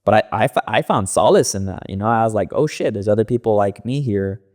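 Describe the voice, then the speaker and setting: A man's voice: fairly low pitch, quick pace, darkish tone. A young man from the Los Angeles area, a podcast guest, telling loose and profane stories in casual interview talk, full of fillers.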